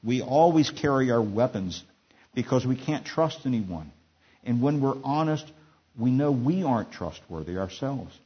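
A man preaching a sermon and telling a story in an earnest, measured way, on a dull recording. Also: mid-range voice, animated, breathy edge.

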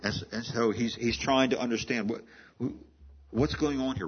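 A man's voice: medium pitch, normal speed, a little hiss or hum. A man preaching an expository sermon in a conversational teaching manner, often restarting and repeating words mid-sentence. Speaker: pastor. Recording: muffled lo-fi sermon recording.

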